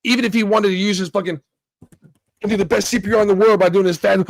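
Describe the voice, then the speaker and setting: A man in a casual livestream debate about a movie, talking in an animated way, swearing and acting out reactions. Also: sits high, fast, creaky, dry recording. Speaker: podcast host.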